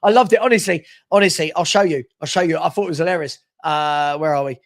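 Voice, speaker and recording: Bloke hosting a live footy stream, fairly high voice, chatty, teasing, big-ups the chat. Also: male voice, fast talker. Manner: chatty and teasing, gives shout-outs, laughs at comments. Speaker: host of a live football transfer show. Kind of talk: live-stream chat, reading viewer comments.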